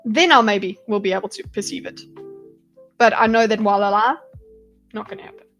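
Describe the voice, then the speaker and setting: A woman's voice: mid-range voice, a little fast, a bit bright, soft background music. A South African woman giving casual, rambling livestream commentary, with frequent swearing and laughter. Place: home streaming setup.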